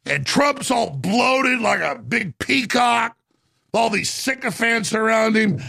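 A middle-aged male radio host in an angry rant, his voice rough and gravelly and pitched high. The pitch swings widely as he works himself up and breaks into shouts. The studio sound is dry and close. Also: animated, takes it slowly, no room sound. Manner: ranting, agitated, shouting bursts. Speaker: radio talk show host. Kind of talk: heated political monologue.

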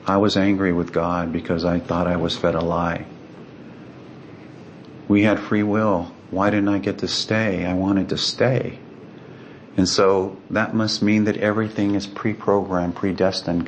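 A man's voice: sits low, little pitch movement, normal speed, slight background noise. A man from the United States, a guest earnestly and dramatically retelling a personal story, acting out the voices of the people in it.

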